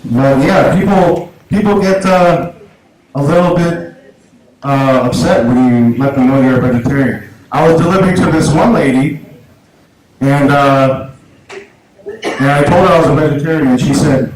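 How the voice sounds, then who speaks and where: A man works through a stand-up set in a small club, stumbling and restarting as he goes in a self-deprecating way. His voice sits mid-pitch. The room is echoey, and steady noise runs under the poorly recorded sound. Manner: halting, self-deprecating delivery with many restarts. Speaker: stand-up comedian.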